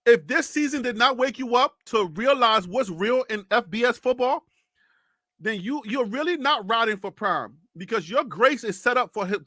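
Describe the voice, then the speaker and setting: High-voiced impassioned sports talk man. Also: bright, forceful tone, no room sound, studio quality. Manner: impassioned, pleading, repeats himself. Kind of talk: live sports commentary monologue.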